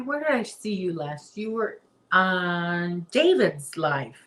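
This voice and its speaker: A woman hosts a relaxed livestream from her home and chats with viewers at an unhurried pace. Her voice sits a little low, and she reads comments aloud between her own stories. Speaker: livestream host. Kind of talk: casual livestream chat.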